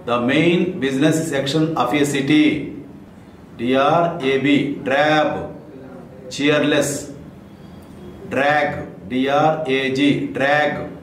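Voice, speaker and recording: A man's voice: medium pitch, takes it slowly, long pauses. A man teaching vocabulary, saying each word, spelling it letter by letter and giving its meaning. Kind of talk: spelling and defining word list. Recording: echoey room, faint ambient noise.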